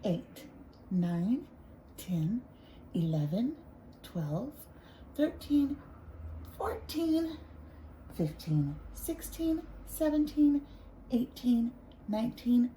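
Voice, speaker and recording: Woman, preschool teacher, circle time, singsong, encouraging, warm tone. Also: on the high side, slight background noise, poor audio. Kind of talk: circle time with young children.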